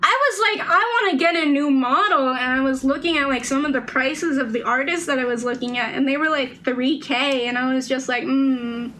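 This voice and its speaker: A woman's voice: sits high, a little fast, hardly any pauses, bright, forceful tone, slight background noise, low-quality recording. A young woman streaming a game, chatting casually and rambling with lots of fillers and restarts. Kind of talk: casual gameplay stream chat.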